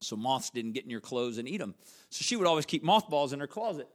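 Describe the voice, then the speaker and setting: A man's voice: mid-range voice, very animated, quick pace. A middle-aged man preaching a sermon, telling stories and repeating phrases for emphasis. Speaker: pastor.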